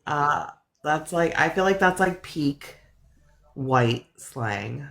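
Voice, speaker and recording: A woman's voice: sits low, lively intonation, takes it slowly, vocal fry, a bit bright. A woman hosting a live stream in casual chat, who laughs often and swears casually. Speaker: livestream host.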